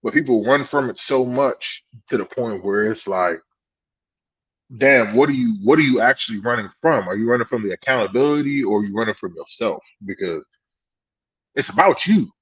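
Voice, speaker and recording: A man co-hosting a podcast in casual chat, telling animated stories, swearing freely and laughing at himself. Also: medium pitch, normal speed, breathy edge, no room sound, lo-fi sound. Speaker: podcast co-host.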